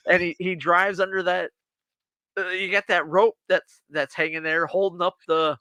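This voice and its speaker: A man's voice: high voice, flat delivery, normal speed, pushed and bright, clear, resonant tone, no room sound. A man co-hosting a casual podcast, animatedly retelling and acting out scenes from a TV show. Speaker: podcast co-host. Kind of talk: casual chat.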